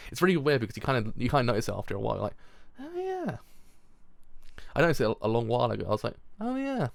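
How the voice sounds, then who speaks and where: Streamer, male, gravelly and dry-voiced, rambling reaction commentary. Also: medium pitch, very fast, dry recording. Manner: rambling, chuckling asides. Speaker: streamer reviewing an anime.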